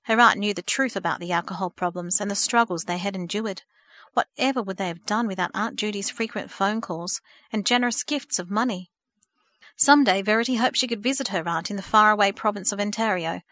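A woman's voice: medium pitch, fairly quick, fairly bright tone, dry recording. Woman reading a story aloud, dry sound. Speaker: narrator. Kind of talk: scripted storybook narration.

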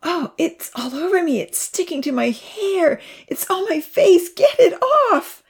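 A woman voicing a frightened young girl who pleads in a high, shrill voice in a storybook reading. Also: fast, gravelly, a little mellow. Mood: panicked.

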